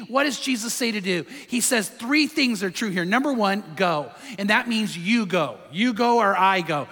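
A man's voice: sits high, bright, forceful tone, long reverb tail. A man preaching a sermon in a conversational, emphatic way, asking his listeners rhetorical questions. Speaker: pastor.

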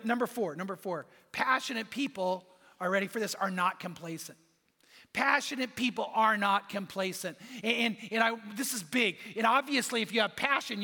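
A man's voice: sits high, pushed and bright. A man preaching a sermon, telling stories and quoting dialogue with emphatic repetitions. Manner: storytelling with quoted voices, emphatic repetitions. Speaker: pastor. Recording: long hall reverb.

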